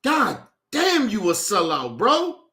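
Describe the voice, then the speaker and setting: A man's voice: high-pitched, wildly swooping pitch, takes it slowly, pushed and bright. A man streaming his reaction to a clip, ranting in incredulous, profane commentary.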